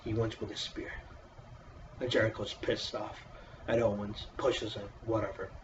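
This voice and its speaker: A man's voice: on the low side, flat delivery, normal speed, a little hiss or hum. Swearing guy ranting about wrestling, fed up and sarcastic, sounds kinda far from the mic, muffled. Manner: profane, exasperated, sarcastic. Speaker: wrestling show reviewer. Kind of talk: casual ranting review.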